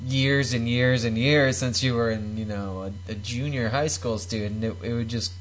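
A man co-hosting a podcast, teasing his partner with crude, quick retorts. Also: medium pitch, steady tone. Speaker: podcast co-host. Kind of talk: casual podcast banter.

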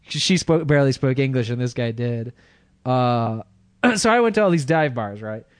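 A man's voice: medium pitch, animated, moderate pace, no echo, studio quality. A man on a podcast, telling a rambling story in casual chat, laughing through it. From Michigan. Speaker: podcast regular.

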